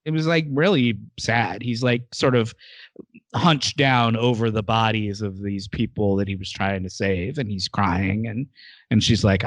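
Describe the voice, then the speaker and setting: A man's voice: on the low side, unhurried, no room sound. A man co-hosting a podcast, casually retelling a TV episode and acting out the characters' lines. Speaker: podcast co-host. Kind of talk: casual chat recapping a TV episode.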